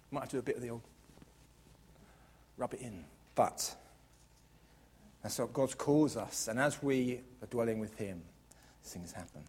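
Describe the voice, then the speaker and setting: A man preaching a lively sermon in church, joking playfully and moving between hushed asides and loud, emphatic calls to the congregation. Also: mid-range voice, normal speed, long pauses. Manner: playful, jokey and expressive, swinging from hushed to loud.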